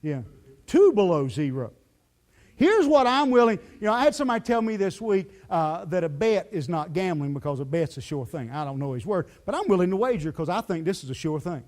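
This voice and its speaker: A man preaching a sermon as pastor, telling the story in a lively, folksy way full of "you know" fillers. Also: sits high, a little fast. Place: church sanctuary.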